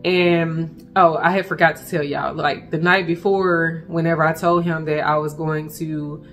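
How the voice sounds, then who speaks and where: A woman recounting a frightening personal experience to her viewers, speaking in halting bursts and addressing them directly. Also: low voice, steady tone, soft background music. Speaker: vlogger telling a personal story. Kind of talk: emotional personal storytelling.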